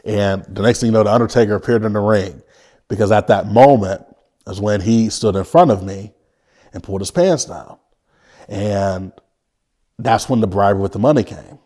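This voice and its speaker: Earnest low-voiced man recounting his past. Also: dark tone. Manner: earnest, halting, with frequent restarts; vivid retelling. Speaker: interview guest. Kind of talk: personal life story in an interview.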